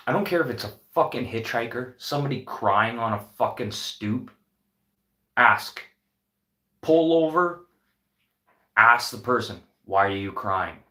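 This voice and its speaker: In a roomy-sounding space, a man with a mid-range, slightly bright voice delivers an unscripted motivational talk to camera. He owns a restaurant, and his message comes across earnest and impassioned, packed with profanity.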